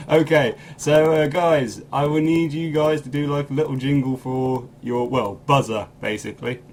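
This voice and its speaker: A man's voice: on the high side, slight background noise. Rambling, self-mocking male quiz host. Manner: rambling, self-deprecating, laughing often. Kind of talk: casual podcast chat.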